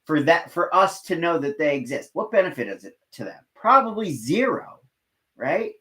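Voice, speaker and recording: A man's voice: on the high side, sing-song, moderate pace, pushed and bright. A man hosting a local talk show, chatting casually, swearing often and saying "like" a lot. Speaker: show host. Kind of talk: casual chat.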